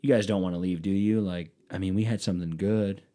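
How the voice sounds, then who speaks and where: A man's voice: sits low, fairly even intonation, quick pace, mellow, close to an everyday voice. A man voicing a sheepish, nervous male slave owner who whines and pleads, as a comedic podcast bit. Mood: pleading. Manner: whiny, wheedling, apologetic.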